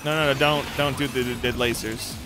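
A young man hosting a let's play, goofy and excitable, joking and yelping at the game. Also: mid-range voice, fairly quick. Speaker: gaming channel host. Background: game music.

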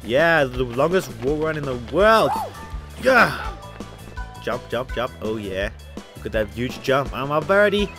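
A man giving playful let's-play commentary at a desk mic, giggling and shouting with excitement as he plays. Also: medium pitch, unhurried, over music. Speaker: gaming youtuber. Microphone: desk microphone with headphones.

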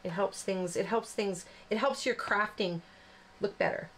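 A woman's voice: mid-range voice, a little slow, slight background noise. A woman hosting a card-making tutorial, chatting casually and rambling with lots of fillers as she works. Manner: chatty, rambling, self-deprecating with frequent fillers. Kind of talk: casual crafting demonstration.

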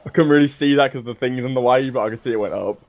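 A man's voice: mid-range voice, racing, lo-fi sound. A man playing a racing game with a friend, laughing and joking about his own crashes. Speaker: co-player. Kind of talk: casual gameplay banter.

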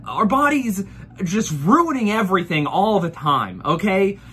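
A man's voice: high-pitched, animated, unhurried, sharp tone, a little hiss or hum. A man in his thirties doing a profane, mock-furious comedic rant full of rhetorical questions. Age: 30s. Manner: exasperated, profane ranting.

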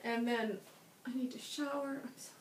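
A woman's voice: on the high side, fairly even intonation, moderate pace, a little hiss or hum. Tired, chatty woman vlogging in a roomy space. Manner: chatty, rambling, self-deprecating. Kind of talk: casual chat. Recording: roomy echo.

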